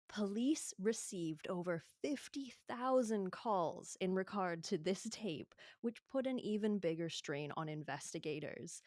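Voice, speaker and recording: A Yorkshire woman co-hosts a true-crime podcast, chatting casually and explaining things with plenty of filler words. Her voice is medium-pitched and a little mellow, recorded cleanly in studio quality without echo.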